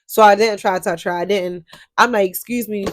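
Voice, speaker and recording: An animated young woman recounts a drama from her job as a cashier, cursing freely and calling out to her viewers. Her voice sits at an everyday middle pitch. The sound is dry and close, with no echo. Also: fairly quick. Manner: animated, profane, talks straight to viewers. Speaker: store cashier telling a story. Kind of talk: storytime vlog.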